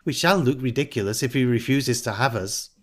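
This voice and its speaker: A man voicing a calm, sharp-tongued young woman who speaks in a pointed, ironic way. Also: medium pitch, brisk, lightly acted. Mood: pleased. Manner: cool, pointed and cutting.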